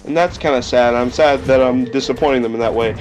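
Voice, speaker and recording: A man's voice: medium pitch, fast talker, a little mellow. A young man casually commenting on a video game, goofy and playfully sarcastic. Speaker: let's play host.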